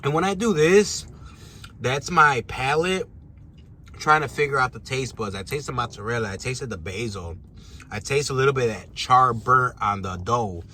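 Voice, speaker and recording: A man from Chicago, eating pizza and chatting casually in a mukbang vlog, with a relaxed, chatty manner. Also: mid-range voice, moderate pace, slight background noise. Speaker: vlogger. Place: parked truck.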